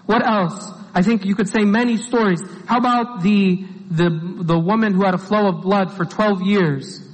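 A man's voice: sits high, steady tone, normal speed. A man giving an informal sermon as a preacher, earnest and full of rhetorical questions to his listeners. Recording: long hall reverb.

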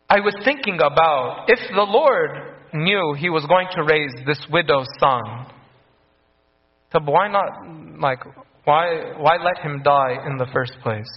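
A man preaching a sermon in an earnest way, repeating key phrases for emphasis. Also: fairly high pitch. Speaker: priest. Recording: dull lo-fi recording.

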